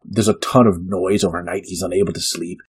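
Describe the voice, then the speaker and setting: A man co-hosting a film podcast, retelling the plot in casual, animated chat and often laughing. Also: low voice, fairly quick, breathy edge. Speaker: podcast co-host.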